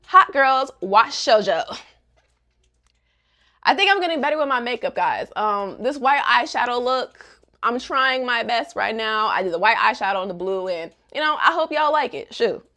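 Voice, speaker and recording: A woman's voice: a little high, animated, moderate pace, pushed and bright. A young woman recapping a manga in casual, sassy commentary with joking asides.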